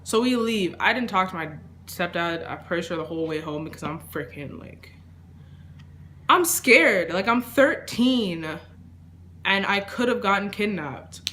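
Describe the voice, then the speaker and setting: A young woman telling a personal story in a casual vlog, rambling with lots of fillers and trailing off into quiet asides. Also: mid-range voice, lively intonation, a little slow, a little hiss or hum. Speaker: vlogger.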